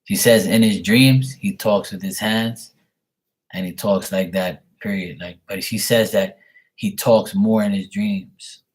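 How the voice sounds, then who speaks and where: A man's voice: on the low side, steady tone, unhurried. A young man doing a live tarot reading on camera, relaying messages in a rambling way full of fillers. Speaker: tarot reader. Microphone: webcam at desk.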